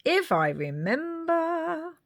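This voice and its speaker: A woman's voice: very high voice, big pitch swings, takes it slowly. A woman chatting casually while she crafts, thinking aloud and sometimes dropping to a whisper. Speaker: craft video maker.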